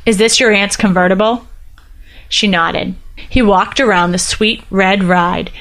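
A woman's voice: fairly even intonation, a little slow, a bit bright. A woman reading a short story aloud, lightly lifting her voice for the characters' dialogue. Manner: reads all characters lightly, with small pitch lifts for dialogue. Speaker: narrator. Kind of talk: scripted narration.

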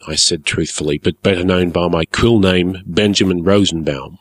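A man narrating a story in a measured, formal, wry manner. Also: sits low, no room sound.

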